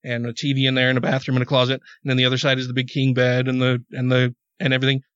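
A man's voice: mid-range voice, completely flat delivery, very fast, fairly bright tone, clean tone, no room sound. A man hosting a podcast, telling a rambling story in casual chat, cursing freely and repeating words when worked up. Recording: dull, dry podcast audio.

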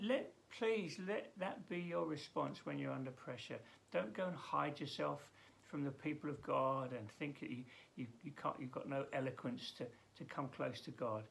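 A man as pastor giving an earnest daily Bible devotional, emphatic and halting with frequent restarts. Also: medium pitch, creaky, fairly bright tone.

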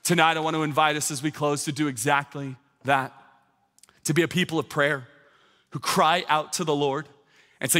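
A male pastor in his thirties preaches in a church sanctuary with long hall reverb, starting with a family story and rising to fervent, repeated calls to his church. His voice is on the high side, bright and forceful, with fairly even intonation at a moderate pace.

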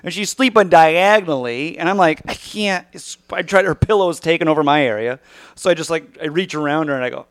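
A man's voice: fairly high pitch, brisk, fairly bright tone, no room sound. A young man, a comedian, chatting casually on a podcast, laughing often and acting out quoted lines in mock voices.

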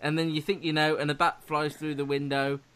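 A man's voice: fairly high pitch, flat delivery, a little fast, a bit bright, clean tone. A man hosting a casual chat, enthusiastic and jokey about television. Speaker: host.

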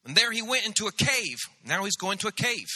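A man pastor preaching a sermon, animated, acting out the voices of biblical figures. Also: sits high, brisk. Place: church sanctuary. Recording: church hall reverb.

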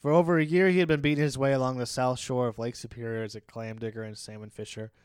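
A man's voice: mid-range voice, fairly even intonation, fast, clear, resonant tone, no room sound, studio quality. A man casually talking through a novel with a friend, reading excerpts and laughing often. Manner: loose and playful, reads excerpts, laughs often. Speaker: podcast co-host discussing a novel. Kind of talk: casual book-club chat.

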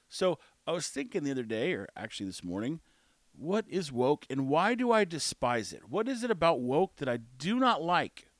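A man's voice: on the high side, sing-song, moderate pace, no room sound, clean studio sound. A man giving a blunt, sarcastic opinion monologue, slipping into acted voices.

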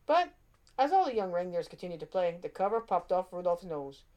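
A woman reads a children's storybook aloud in an expressive way, with small slips and restarts. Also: fairly low pitch, a little fast.

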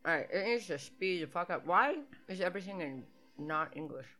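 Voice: medium pitch, lively intonation, a little fast, bright, forceful tone, soft background music. A podcast co-host talking through a movie in loose, casual chat. The delivery is sarcastic and jokey, with frequent laughter. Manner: joking, sarcastic, laughs often.

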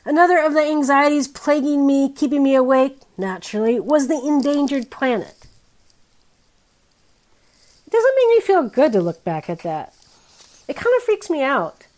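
Wry, candid woman preaching a sermon. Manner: candid, wry, conversational preaching with sharp swings in pitch and loudness.

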